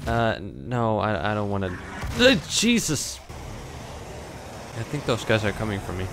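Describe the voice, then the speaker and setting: A young man streams his first run through a shooter game, giving casual commentary in a lowish, sing-song voice at a measured pace. He's jumpy, yelps when startled, swears a lot, mocks himself, and talks back to the enemies. Background noise can be heard.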